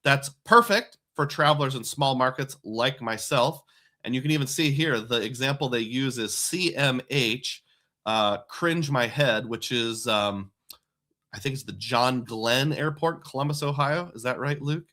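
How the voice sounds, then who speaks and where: Chatty bright-voiced male streamer. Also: mid-range voice, a little slow. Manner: chatty, rambling, reads viewer comments aloud. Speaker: livestream host. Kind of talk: casual live-stream chat.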